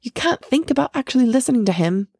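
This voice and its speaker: A woman's voice: high-pitched, animated, fast talker, darkish tone, slightly rough, dry recording, studio quality, voice pushed up, exaggerated voice. A woman reading the part of a bitter, scornful young village man. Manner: bitter, mocking.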